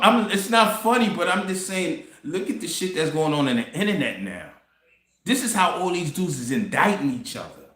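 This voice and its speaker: A man hosting a casual commentary monologue, telling a story in an animated way, laughing and swearing as he goes. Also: high-pitched, roomy sound. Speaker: commentary host.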